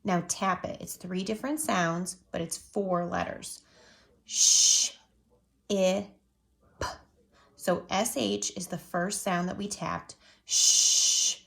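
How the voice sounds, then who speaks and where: Slow, gravelly teacher woman. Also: on the low side, fairly even intonation, a bit bright, reverberant. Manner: slow, patient, drawn-out sounding of words. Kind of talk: phonics lesson for young children.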